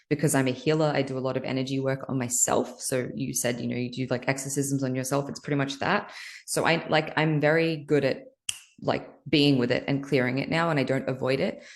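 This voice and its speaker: A woman guest on a podcast, a healer, talking candidly about emotional release in a loose, earnest, filler-heavy way. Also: rumbling low. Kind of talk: candid spiritual interview talk.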